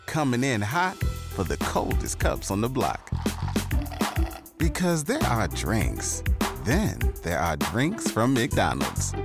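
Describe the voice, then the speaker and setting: A man reading an upbeat fast-food radio ad in a swaggering, rhythmic delivery. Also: on the low side, wildly swooping pitch, creaky, heavily acted. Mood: cocky. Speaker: ad voice-over. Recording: ad with music bed.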